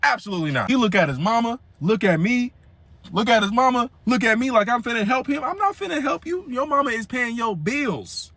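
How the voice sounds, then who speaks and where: A young man tells a story to the camera in a high, lively voice full of slang and fillers. His pitch bounces around constantly, and the sound is close and dry. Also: fairly quick, no room sound. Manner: animated, slangy, frequent fillers. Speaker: vlogger. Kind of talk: casual storytelling.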